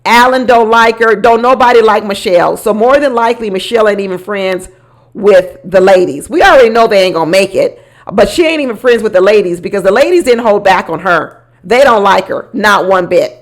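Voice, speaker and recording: A woman's voice: mid-range voice, brisk. Woman, recap host, casual commentary, opinionated, indignant, laughs often. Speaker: reality show recap host.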